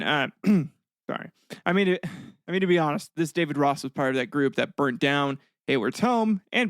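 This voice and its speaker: A male podcast host narrating history in a loose, joking way that turns blunt and profane. His voice sits a bit high for a man. It sounds close-miked and dry, with no room around it. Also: no echo. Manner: jokey and blunt, swears freely; frequent fillers and throat clearing.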